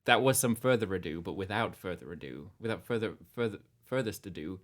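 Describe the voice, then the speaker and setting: A man's voice: low-pitched, animated, a little fast. A British man with an accent drifting slightly North American, hosting a casual livestream chat in a jokey, easygoing way. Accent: British English, drifting slightly North American. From Britain. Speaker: livestream host.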